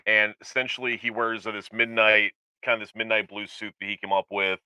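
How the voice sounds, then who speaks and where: A man chatting casually as a show's co-host, his voice low yet very bright and forceful. He rambles, trailing into fillers and restarting his sentences, and his tone stays smooth and clear. The sound is dry and close to the mic. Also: flat delivery, brisk, dry recording, low-quality recording. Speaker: podcast co-host. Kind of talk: casual chat.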